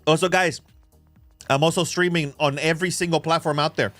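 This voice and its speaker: A man hosts a casual livestream from his phone, his voice sitting a little high for a man. He talks excitably, swears freely and fires off quick shout-outs to viewers. The sound is dry and close, with faint music underneath. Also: no room sound. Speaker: crypto livestream host.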